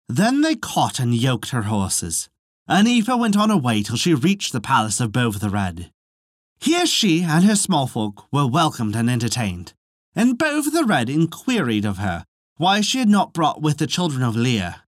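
A podcast storyteller reading an old legend in a measured, expressive voice. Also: medium pitch, dry recording, studio quality. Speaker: storyteller narrating folklore. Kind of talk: audiobook-style narration.

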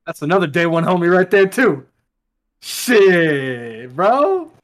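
A young man chatting on a podcast, loose, profane and emotional, laughing often. His voice sits a little high. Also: sing-song, slow pace. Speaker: podcast guest, soldier. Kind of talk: casual chat.

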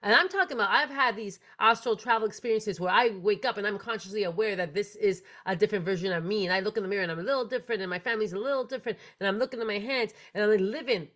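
A young adult woman hosting a spiritual podcast, telling her story in an animated way with big swings in loudness and pace. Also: mid-range voice, very fast, hardly any pauses. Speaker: podcast host.

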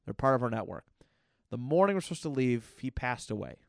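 Gravelly man musing on a podcast. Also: medium pitch, expressive, brisk, no room sound, clean studio sound. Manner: rambling, with frequent restarts and fillers; candid and reflective. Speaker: podcast host. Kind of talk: casual personal monologue.

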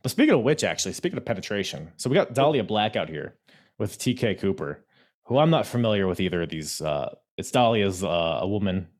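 This man hosts a podcast and is chatting casually about wrestling, his low voice sing-song with a darkish tone. His speech is halting, with lots of fillers and restarts, and he laughs readily.

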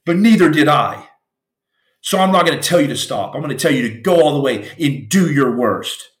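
A man's voice: on the high side, expressive, normal speed. Fired-up guy preaching motivation on a podcast, voice jumps all over, kinda echoey room. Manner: intense, preachy, raw and emotional. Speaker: podcast host, former Navy SEAL. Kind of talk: impassioned motivational storytelling.

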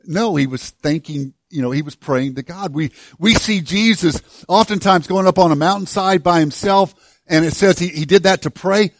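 A man's voice: on the high side, no room sound, clean studio sound. Conversational, joking middle-aged man preaching. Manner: conversational and self-deprecating, with frequent restarts and humor. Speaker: pastor. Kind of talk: sermon.

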